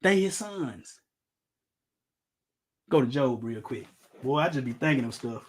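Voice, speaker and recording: A man's voice: mid-range voice, lively intonation, a little slow, breathy edge. A middle-aged man preaching an informal Bible-teaching sermon, emphatic, firing rhetorical questions and joking with his listeners.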